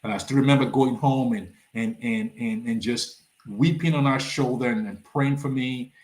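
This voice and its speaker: A man from Nigeria, a nonprofit founder, telling his story as a podcast guest and acting out the dialogue with big swings in pitch. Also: steady tone, normal speed, darkish tone, reverberant. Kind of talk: animated storytelling in a podcast interview.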